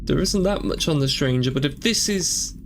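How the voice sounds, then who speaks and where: A man's voice: on the high side, animated, moderate pace, slight background noise. A man playing through a game, thinking aloud and asking question after question in an earnest, emotional way. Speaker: gaming streamer. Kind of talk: let's play commentary.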